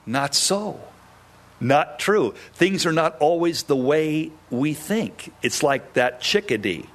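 A man preaching a sermon at an unhurried pace, with a lively voice that swoops high and then drops low. He sits a little higher than most men in pitch. He acts out the voices in his story and lingers on words for effect. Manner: animated, acts out quoted voices, sudden drops to low tones.

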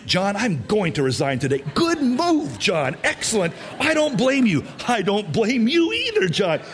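A man's voice: extremely high pitch, a bit bright, pitched above the performer's own voice, exaggerated voice. A man in a sermon acting out his own smug inner voice, talking back and forth with himself in mock-serious agreement.

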